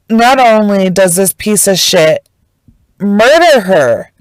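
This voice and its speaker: A woman recounts a true crime case in a casual storytime, emotional and emphatic and quick to swear. she talks slowly and lets the words land. the recording is dry, with no room sound. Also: medium pitch, no echo, low-quality recording.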